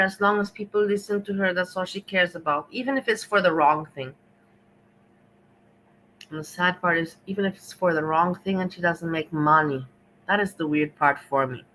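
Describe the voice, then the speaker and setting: A woman giving measured, reflective commentary on a stream, slightly disapproving. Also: on the low side, pushed and bright, slight background noise, low-quality recording. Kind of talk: casual commentary.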